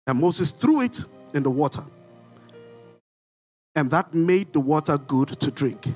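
Brief: Nigerian pastor, high voice, animated sermon with rhetorical questions and outbursts, faint music under. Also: male voice, unhurried. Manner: animated preaching, rhetorical questions, sudden shouts.

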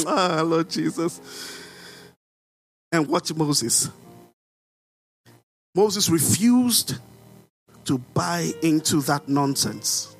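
Animated high-voiced Nigerian preacher. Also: male voice, extremely slow, long pauses, faint music behind. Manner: animated preaching, rhetorical questions, sudden shouts. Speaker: pastor. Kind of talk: sermon.

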